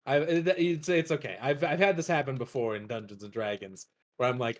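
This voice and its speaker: A man's voice: medium pitch, steady tone, a little fast. A man streaming a game, chatting casually in a rambling way, often laughing and breaking off his own sentences. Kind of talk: casual chat while playing a game.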